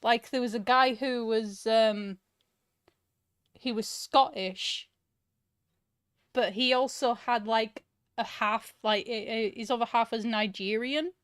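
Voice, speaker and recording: A woman co-hosting a casual chat podcast, chatty and quick to laugh. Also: on the high side, fairly even intonation, smooth, no echo, studio quality. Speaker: podcast co-host.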